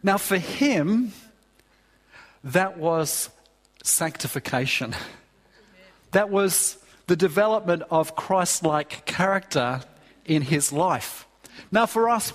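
A man preaching a sermon in a church, earnest and emphatic, often restarting phrases. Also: high voice. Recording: long hall reverb.

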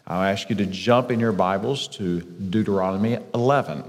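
A man teaching a Bible study, explaining scripture and reading passages slowly and deliberately, with some self-correcting restarts. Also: fairly low pitch, big-room sound.

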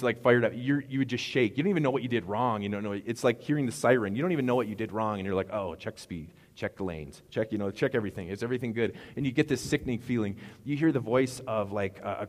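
A man's voice: mid-range voice, quick pace, darkish tone, big-room sound. A middle-aged man preaching a sermon as pastor, rambling and conversational with asides.

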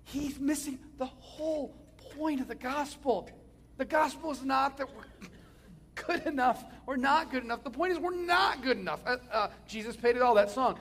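High gravelly-voiced male preacher. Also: normal speed. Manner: dynamic, swings from loud emphasis to hushed near-whispers. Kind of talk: sermon.

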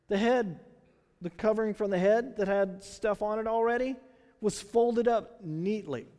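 High-voiced Texan preacher in an echoing hall. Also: male voice, a little slow. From Texas. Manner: conversational, animated preaching with rhetorical questions. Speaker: pastor. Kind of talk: sermon. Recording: long hall reverb.

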